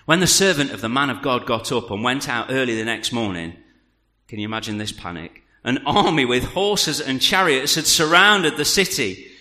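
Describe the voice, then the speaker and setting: A man's voice: medium pitch, expressive, normal speed, bright, forceful tone, big-room sound. A man preaching a sermon and reading scripture aloud, with jokey asides to the congregation. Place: church hall.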